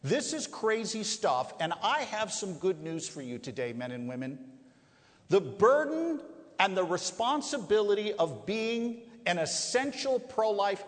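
A man preaching to a live audience, emphatic, leaning on rhetorical questions and stretching key words for weight. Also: fairly high pitch. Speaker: pro-life speaker. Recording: echoey hall, long reverb.

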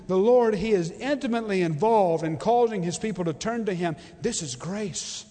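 A man preaching a sermon as pastor, impassioned, swinging between loud declarations and hushed, drawn-out readings of scripture. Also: high-pitched. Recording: long hall reverb.

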